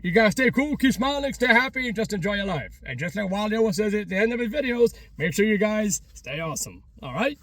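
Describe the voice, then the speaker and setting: A man's voice: high voice, big pitch swings, quick pace, hardly any pauses, a bit bright, no echo. A man with a New York accent, a vlogger of abandoned places, thanking his viewers with heartfelt emotion, close to tears and repeating himself. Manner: emotional, repetitive, on the verge of tears. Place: outdoors by an abandoned restaurant.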